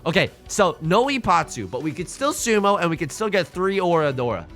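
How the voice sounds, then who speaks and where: A young man narrates his mahjong game live for his chat, cracking jokes and hyping up good tiles. His voice sits a little high, swoops widely and has a bright, forceful edge. Faint music plays underneath. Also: a little fast. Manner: jokey, animated, talks to chat and reacts loudly to tiles. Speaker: Twitch streamer. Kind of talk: casual live-stream commentary while playing mahjong.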